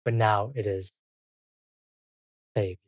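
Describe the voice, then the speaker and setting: A game master narrating a tabletop game in a loose, halting way with many fillers. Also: low-pitched, fairly even intonation, dry recording.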